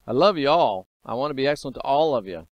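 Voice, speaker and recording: A man's voice: mid-range voice, expressive, fast, no room sound, highs cut off. A man in his fifties giving an emphatic, repetitive spiritual monologue as host of his own channel. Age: 50s.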